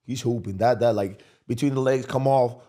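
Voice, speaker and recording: A man's voice: medium pitch, fairly even intonation, moderate pace, mellow. A man hosting a sports podcast, talking casually and animatedly, often repeating himself and restarting sentences. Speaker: podcast host, former basketball player.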